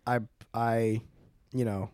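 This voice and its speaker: A young man in casual podcast chat, telling a rambling, animated story and swearing often. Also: mid-range voice, takes it slowly, clear, resonant tone, no room sound, clean studio sound. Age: young adult. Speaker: podcast co-host.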